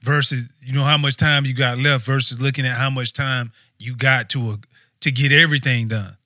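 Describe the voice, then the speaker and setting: A man co-hosting a casual chat, measured and dryly teasing. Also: mid-range voice, fairly even intonation, pushed and bright, no room sound, clean studio sound. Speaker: co-host.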